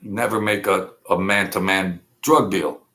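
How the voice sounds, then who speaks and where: A man's voice: sits low, fairly even intonation, unhurried, sharp tone. A man talking in a blunt, rambling monologue full of street slang. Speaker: vlog host. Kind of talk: casual monologue.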